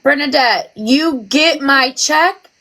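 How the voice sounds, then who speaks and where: A woman's voice: high-pitched, slow pace, bright, forceful tone, rough recording. A woman giving profane, mocking commentary on an online drama, speaking casually to her viewers. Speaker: livestream commentator.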